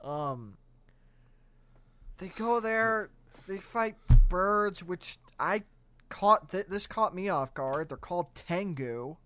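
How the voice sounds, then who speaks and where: A man's voice: sits high, animated, slow pace, long pauses, bright, forceful tone, no room sound. A young man co-hosting a casual movie-riffing podcast, ranting crudely and with lots of energy. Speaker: podcast co-host.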